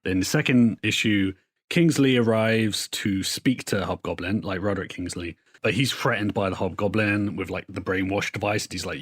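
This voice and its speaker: A man's voice: on the low side, husky. A man co-hosting a podcast, recapping comic book plots in a rambling, profane, casual way. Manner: rambling, profane storytelling with quick put-on quotes. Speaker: podcast co-host.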